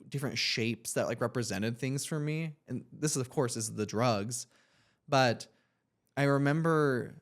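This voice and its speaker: A young man co-hosts a casual podcast and tells a long personal story. He talks in an earnest, reflective, rambling way and leans on "like" as filler. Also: mid-range voice. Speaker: podcast co-host.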